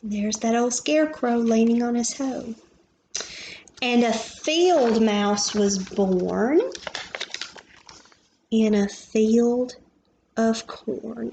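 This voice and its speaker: A woman with a fairly high voice reads a picture book aloud to young children, taking her time over every line. She pauses to ask little questions and point out the pictures, like a preschool teacher at story time. A faint hiss of noise sits behind her. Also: mellow, dull audio.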